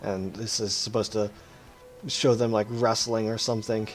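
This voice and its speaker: A man's voice: lowish voice, little pitch movement, normal speed, soft background music. A man hosting a let's play, giving casual, explanatory game commentary and often correcting himself mid-sentence.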